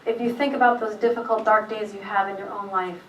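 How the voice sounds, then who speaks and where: A middle-aged woman telling a personal faith story in a rambling way, halting often with fillers and restarts. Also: mid-range voice, fairly even intonation, a little hiss or hum. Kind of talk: personal testimony, casual retelling. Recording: echoey room, voice from a distance.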